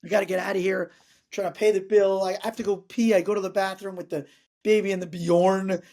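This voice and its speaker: A man's voice: high-pitched, brisk. A man in his thirties, a comedian guest, telling a story in casual chat with lots of energy. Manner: energetic, acts out other people's lines.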